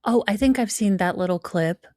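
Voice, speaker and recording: A woman co-hosting a commentary show, joking and reacting with animated outbursts. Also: medium pitch, moderate pace, no echo, clean studio sound. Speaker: co-host. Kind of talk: casual commentary chat.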